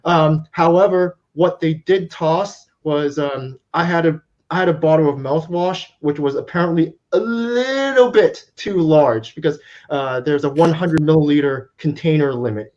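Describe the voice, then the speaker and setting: A man's voice: on the high side, measured pace, few pauses, darkish tone, lo-fi sound. A man telling a travel anecdote in a casual chat, hesitant with many fillers. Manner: hesitant, lots of uhs and ums. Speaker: panelist. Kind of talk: casual storytelling.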